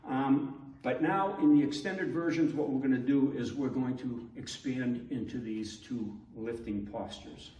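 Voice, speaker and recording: A man teaching a martial arts demonstration, explaining slowly and checking in with his listeners. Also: mid-range voice, warm tone. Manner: measured, explanatory, checks in with "okay?". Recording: roomy echo from far off.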